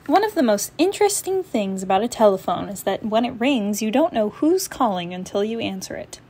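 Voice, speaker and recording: A woman storyteller reading a children's picture book aloud, clear and expressive. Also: mid-range voice, a little fast.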